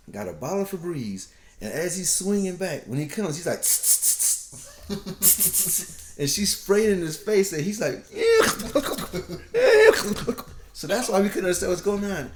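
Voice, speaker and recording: Middle-aged father, podcast co-host, animated storyteller, roomy sound. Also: medium pitch. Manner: animated, laughing storyteller acting out voices. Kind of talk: casual storytelling chat.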